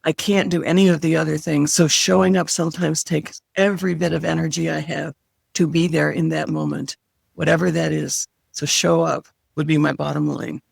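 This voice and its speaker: Older female guest, gravelly voice, earnest and reflective, dry sound. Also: sits low, steady tone, normal speed, no echo. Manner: reflective and earnest, sharing wisdom. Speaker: guest, former hospice chaplain. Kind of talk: interview conversation.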